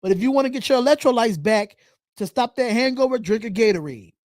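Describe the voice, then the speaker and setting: Casting: male host with a high voice, loose and repetitive, close and dry. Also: lively intonation, fast talker, a little mellow, dry recording. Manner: chatty, repeats phrases, reads comments aloud. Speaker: podcast host. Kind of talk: casual live-stream chat.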